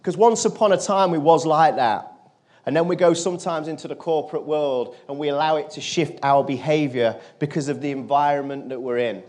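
A man, speaking earnestly to an audience as a motivational speaker and telling a personal story. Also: a little fast. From England. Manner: earnest, drops his voice low and quiet for quoted lines.

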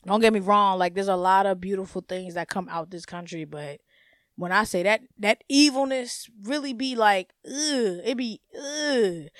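A young woman hosting her own podcast, ranting in a blunt, profane, animated way and laughing often. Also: medium pitch, no room sound, studio quality. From United States. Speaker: podcast host. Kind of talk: casual solo podcast rant.

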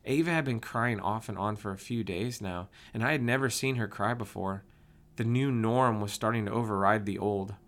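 A man narrating a first-person story in a steady, plain way. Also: on the low side. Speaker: audiobook narrator.

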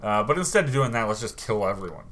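A man's voice: lowish voice, fast talker. A man in casual chat, reacting and joking as he banters about a game. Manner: lively reactive banter, jokey. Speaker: podcast co-host.

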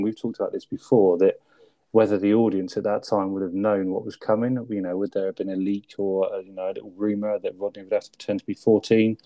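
Dark-voiced man, casual chat. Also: dry recording. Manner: laughs often, acts out lines in squeaky voices. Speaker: podcast co-host. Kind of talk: casual chat reviewing a sitcom episode.

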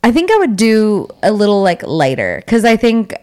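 A woman's voice: medium pitch, huge pitch swings, moderate pace, darkish tone, smooth. A young woman co-hosting a podcast, chatting casually and animatedly with lots of fillers. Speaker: podcast co-host. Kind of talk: casual chat.

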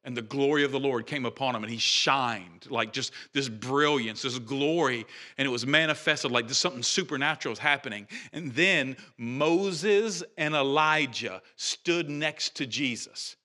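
A male pastor preaching with a bright, forceful voice. He talks in a loose, conversational way, backing up to rephrase, and pushes higher and louder when something excites him. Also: moderate pace, hardly any pauses. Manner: animated, conversational preaching with restarts and rising emphasis. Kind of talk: sermon.

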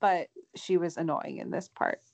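Brief: female podcast co-host, slightly low voice, easygoing side comments. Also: moderate pace, gravelly, a little mellow. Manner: agreeable, weighs in briefly. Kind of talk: casual recap chat.

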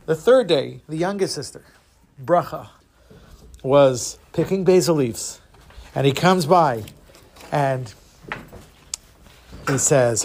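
Male storyteller, playful and animated folktale reader for children, slightly higher voice. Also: takes it slowly, long pauses, breathy edge. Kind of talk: retelling a folktale to kids.

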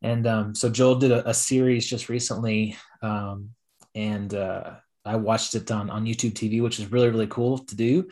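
Low-voiced man rambling through a podcast intro. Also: fairly even intonation, normal speed, a little mellow. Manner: rambling, many fillers and restarts. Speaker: podcast host. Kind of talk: casual chat.

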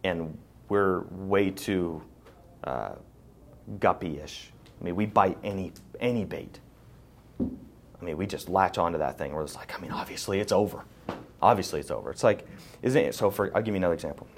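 Man, podcast host, live Q&A, emphatic, repetitive, preacher-like, fairly low voice. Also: normal speed, long pauses, a little hiss or hum. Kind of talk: live Q&A talk. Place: live event in front of an audience.

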